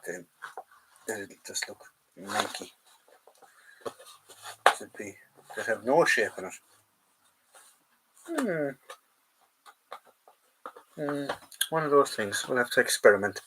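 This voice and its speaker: A man's voice: medium pitch, a bit bright, a little hiss or hum, poor audio. A man with an Irish accent hosting a live stream in casual, rambling chat, talking to his viewers as lads. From Ireland. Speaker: host of a live collectibles stream. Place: at home, going through a drawer.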